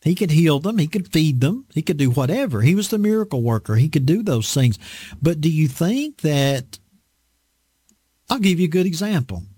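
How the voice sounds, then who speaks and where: A man's voice: fairly high pitch, sing-song, normal speed, dark tone, slightly rough, no echo. A man preaching a casual, conversational sermon, folksy and emphatic, often repeating his points.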